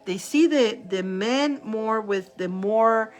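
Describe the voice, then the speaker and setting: A woman's voice: on the high side, slow pace. A woman from Italy hosting a live tarot stream, chatting casually with viewers, laughing often and greeting them by name.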